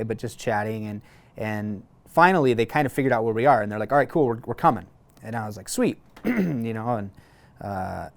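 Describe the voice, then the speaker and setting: A man in his thirties, a former Marine, calmly telling a long personal story in a casual interview, with frequent fillers and restarts. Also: on the low side. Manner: relaxed, halting, many fillers and restarts.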